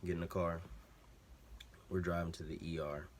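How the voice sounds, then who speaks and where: A man vlogging from home tells a rambling, slangy story, wandering into many side digressions while a TV plays behind him. His voice is low-pitched with little pitch movement, at normal speed, and there's slight background noise.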